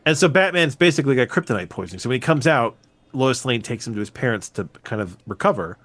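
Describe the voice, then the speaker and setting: A man co-hosting a podcast in casual chat, animated and swearing freely, his voice jumping up when excited. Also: medium pitch, fast talker. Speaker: podcast co-host.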